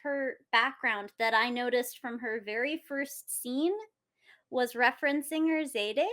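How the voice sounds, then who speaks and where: A woman's voice: on the high side, fairly even intonation, unhurried, a bit bright. A woman hosting a casual interview, playful and teasing with her guest. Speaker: host.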